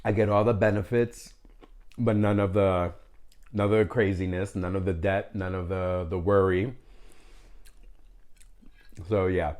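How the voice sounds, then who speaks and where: A man's voice: low-pitched, fairly even intonation, unhurried, long pauses, a little mellow. A man talking to camera in a casual mukbang vlog at home, candid and joking, chatting with his viewers and dropping in Spanish phrases. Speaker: food vlogger.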